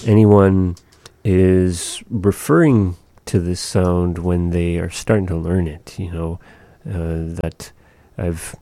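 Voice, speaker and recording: A man patiently teaching the pronunciation of a language, demonstrating each sound slowly and explaining how it is made. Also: low-pitched, fairly even intonation, mellow, dry recording.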